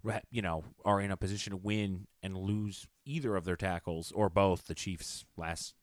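A man's voice: low voice, normal speed, dry recording. A man co-hosting a sports podcast, giving his opinions in long runs with frequent restarts. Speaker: podcast co-host. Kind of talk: casual sports talk.

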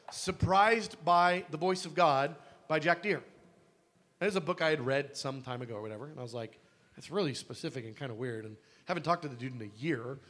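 A man preaching a sermon, telling personal stories and acting out the dialogue in them with animation. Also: high-pitched. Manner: animated storyteller, acts out dialogue.

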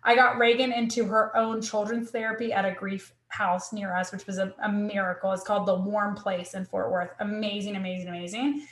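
A woman's voice: medium pitch, little pitch movement, brisk, hardly any pauses, a bit bright. A woman in her thirties telling her own story in conversation, earnest and reflective, often quoting her own thoughts aloud. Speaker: guest sharing her story. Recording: echoey room.

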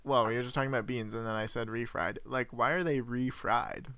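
A man's voice: mid-range voice, steady tone, a little fast, pushed and bright, smooth, dry recording. A young man co-hosting a podcast, joking around in casual chat and laughing often. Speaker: podcast co-host.

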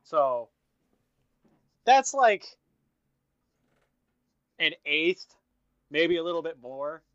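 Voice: mid-range voice, very animated, drawn-out words, fairly bright tone, no echo. Casual storyteller, swears freely and rambles; dull, dry lo-fi mic. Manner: rambling, profane storytelling full of "like". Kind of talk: casual chat.

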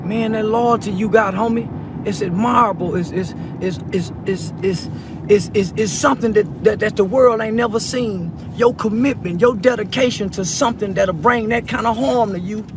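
A man's voice: sits high, moderate pace. A man in a car speaking through tears, repeating himself in a preachy, emotional plea to someone he saw in a video. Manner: tearful, repetitive, preachy. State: teary, choked up. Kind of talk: emotional address to a viral video subject. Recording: car and street noise behind. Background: traffic and outdoor ambience.

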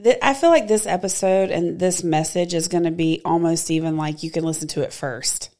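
A woman co-hosting a podcast, playful and giggly, talking in a lively, animated way. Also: fairly low pitch, a little fast. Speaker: podcast co-host. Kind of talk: casual podcast chat.

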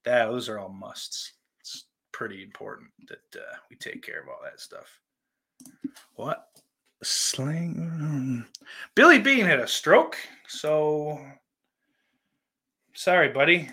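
A man hosting a podcast in casual live-stream chat, greeting viewers and rambling through profane, self-deprecating banter, with loud outbursts between muttered asides. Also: a little high, sing-song, slow pace, pauses often, husky. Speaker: podcast host.

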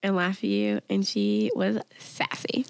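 A young woman talks in a relaxed, meandering way, stopping and starting with fillers. Her voice has a gravelly edge. The recording is dry and close. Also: medium pitch, unhurried, dry recording. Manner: rambling storytelling with many fillers. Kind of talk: casual chat.

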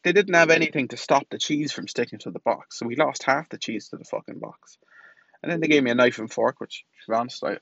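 A young man rambles through his day in a casual podcast monologue, poking fun at himself and swearing freely. His voice is mid-pitched and sits close to the mic in a dry space. The sound is a little dull and lo-fi. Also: no echo. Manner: chatty, self-mocking, sweary storytelling. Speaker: podcast host. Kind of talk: casual diary-style monologue.

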